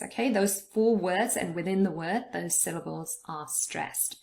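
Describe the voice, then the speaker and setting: Woman, English teacher, slightly low gravelly voice, chatty explainer. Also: unhurried, few pauses, a little mellow. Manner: chatty, checks in with "okay?". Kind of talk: explaining word stress.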